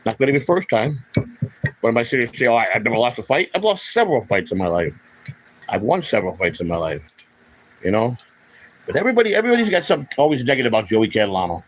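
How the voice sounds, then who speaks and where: A man's voice: mid-range voice, big pitch swings, fast, long pauses, slight background noise, rough recording. An older man, the host of his own channel, ranting heatedly to camera with lots of swearing and repeated restarts. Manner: heated, profane, confrontational; repeats himself, trails off into restarts. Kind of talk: unscripted angry rant to camera.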